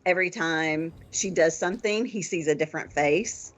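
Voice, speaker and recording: A woman's voice: deep voice, moderate pace, muffled recording. A woman playing her character in a tabletop game, describing brutal actions with brash glee. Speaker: player. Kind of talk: tabletop role-play.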